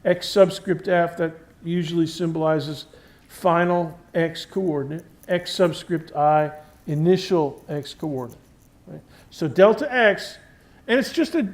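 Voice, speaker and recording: Unhurried and a little mellow, this man's high-sitting voice carries a university physics lecture in a conversational classroom style. He keeps checking in with the class and puts stress on key words while he explains.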